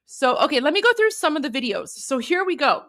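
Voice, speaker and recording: A woman's voice: sits high, very animated, fairly quick, fairly bright tone. A woman hosting a live stream, talking casually with lots of fillers, restarts and repeated phrases. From Iran. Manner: chatty, repeats herself, many fillers and restarts. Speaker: political commentator and live stream host.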